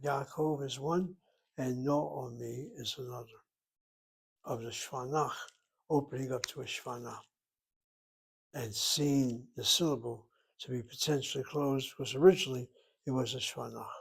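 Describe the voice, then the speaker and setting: A man's voice: mid-range voice, steady tone, moderate pace, creaky, breathy edge. A man teaching a Hebrew lesson from a textbook, thinking aloud, asking himself questions and spelling words out. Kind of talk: self-study lesson, reading from a textbook.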